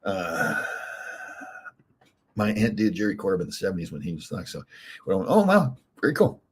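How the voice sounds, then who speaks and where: A man's voice: deep voice, very animated, moderate pace, a little hiss or hum. An older man hosting his own talk show, rambling casually with many fillers and restarts while fighting off hiccups. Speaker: podcast host, former hockey player.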